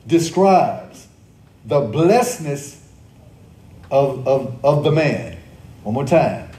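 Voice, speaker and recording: Man preaching with a warm voice in a roomy church. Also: mid-range voice, big pitch swings, takes it slowly. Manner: repeats key phrases and quizzes the congregation; conversational preaching with joking asides. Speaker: pastor. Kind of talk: sermon. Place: church service.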